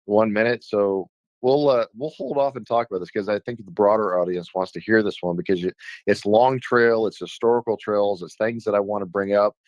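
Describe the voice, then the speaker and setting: A state legislator from Alaska talks on a radio talk show, speaking heatedly and emphatically about his frustration. His lowish voice is brisk and a little mellow, in a dry, low-quality recording.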